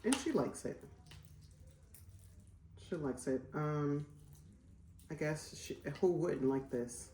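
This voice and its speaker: Woman in her forties, low voice, rambly casual chat, echoey kitchen, faint background noise. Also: slow pace, pauses often, warm tone. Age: 40s. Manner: chatty, rambling, many "like" fillers. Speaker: vlogger. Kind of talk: casual chat while cooking.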